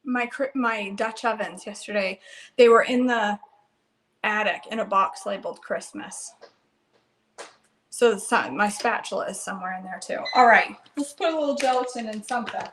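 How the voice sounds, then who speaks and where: A woman's voice: mid-range voice, normal speed, a bit bright, roomy sound, a little hiss or hum, low-quality recording. A woman hosting a live cooking show from her home kitchen, chatting to herself and her viewers in folksy slang as she works. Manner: chatty, talks to herself and viewers while working.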